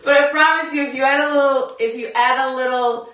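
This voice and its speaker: A woman leads a live workout class in a casual, chatty way and laughs often. Her voice is bright and pitched a little high. It bounces around a very echoey room and sits some distance from the mic. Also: steady tone, brisk. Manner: chatty, laughing, talks straight to viewers. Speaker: fitness instructor.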